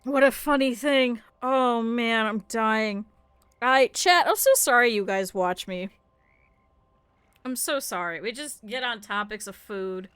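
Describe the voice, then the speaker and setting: A woman's voice: on the high side, measured pace, fairly bright tone, smooth, no room sound. A young adult woman streaming a game, chatting casually and rambling through stories with lots of laughter. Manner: rambling storyteller, laughs a lot. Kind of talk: casual chat while gaming.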